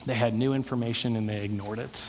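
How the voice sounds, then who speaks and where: A man's voice: medium pitch, fairly even intonation, quick pace, darkish tone, slight background noise. A man preaching a sermon, delivering emphatic repeated rhetorical questions. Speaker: pastor. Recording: long reverb of a hall.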